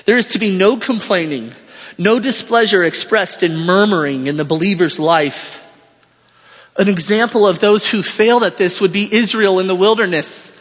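High-voiced preacher in an echoing hall. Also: male voice, normal speed, fairly bright tone, slightly rough. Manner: emphatic, repeats phrases for stress. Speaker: pastor. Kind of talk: expository sermon. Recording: dull lo-fi sound with long hall reverb.

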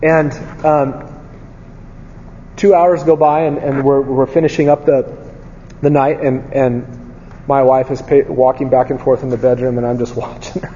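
Mellow-voiced preacher in a reverberant hall. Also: male voice, mid-range voice, slight background noise. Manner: candid storytelling, rhetorical questions. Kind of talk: conversational sermon. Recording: dull lo-fi sound with long hall reverb.

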